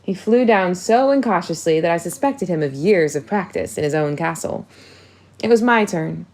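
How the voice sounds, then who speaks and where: Gravelly-voiced woman narrating an audiobook. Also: on the low side, expressive, normal speed, a little mellow. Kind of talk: first-person audiobook narration.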